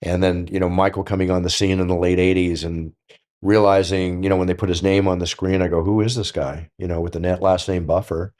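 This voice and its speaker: An older man telling stories on a podcast in a casual, animated way, acting out the dialogue. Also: deep voice, fairly quick. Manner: animated, acts out quoted dialogue. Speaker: guest storyteller.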